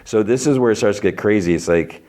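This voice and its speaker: A man's voice: lowish voice, fast talker, mellow. A man hosting a podcast, casually recapping a TV episode scene by scene, quoting the characters with lots of filler words. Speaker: podcast host.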